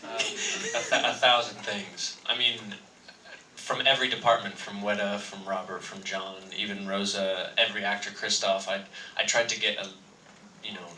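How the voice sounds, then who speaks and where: A young man on a convention panel answering in a halting way full of fillers. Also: on the low side, level tone, bright, forceful tone. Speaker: film actor on a convention panel. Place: large convention hall. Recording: echoey hall, voice from far off.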